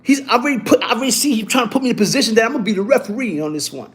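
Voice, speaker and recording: High-pitched male storyteller, loose and profane, full of restarts. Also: rapid-fire. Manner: animated, profane street talk with many restarts and repeats. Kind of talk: casual storytelling to camera.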